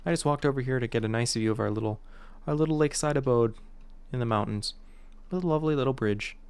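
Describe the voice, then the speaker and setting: Man, streamer, casual gameplay chat, playful, self-mocking, gravelly. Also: mid-range voice, quick pace, a little mellow, no room sound.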